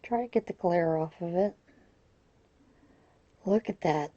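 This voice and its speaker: Brief: chatty female crafting vlogger, mellow warm tone, effusive unboxing talk. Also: on the low side, unhurried, pauses often. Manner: chatty, gushing over each item. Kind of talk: casual unboxing chat.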